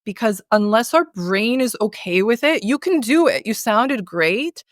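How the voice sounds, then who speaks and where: A North woman, a voice and communication consultant, explaining in a lively conversational interview and demonstrating sounds as she goes. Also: on the high side, unhurried, no echo, clean studio sound. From North America.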